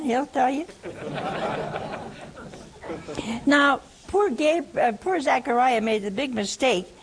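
A woman's voice: on the high side, slightly rough, low-quality recording. A woman preaching a humorous teaching sermon, teasing and chatty as she talks straight to her listeners.

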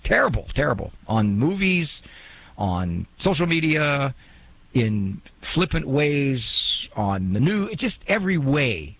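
A man hosting a call-in radio advice show, talking to a caller in a gentle, pastoral way with many restarts. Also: medium pitch, big pitch swings, slow pace, gravelly, poor audio.

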